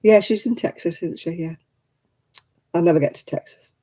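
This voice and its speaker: Brief: woman, live-stream craft host, deep mellow tone, rambling chat with easy laughs. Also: normal speed, breathy edge. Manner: chatty, rambling, laughs often.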